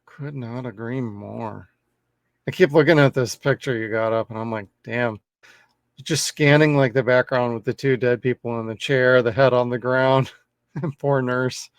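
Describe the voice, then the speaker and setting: A man's voice: medium pitch, fairly even intonation, moderate pace, no room sound, studio quality. Profane laid-back man on a podcast. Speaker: podcast co-host. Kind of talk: casual movie review chat.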